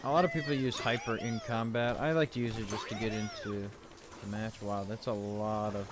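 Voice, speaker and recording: Young male gamer, offhand monotone commentary, lower register, noisy background. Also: a little fast. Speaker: gameplay commentator. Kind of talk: casual gameplay commentary. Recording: clear background noise.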